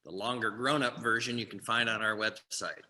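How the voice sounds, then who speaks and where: A man leading an online worship service over a video call, unhurried and pausing often on fillers. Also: on the low side, fairly even intonation, bright, forceful tone. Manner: unhurried, with frequent fillers and restarts. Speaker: minister.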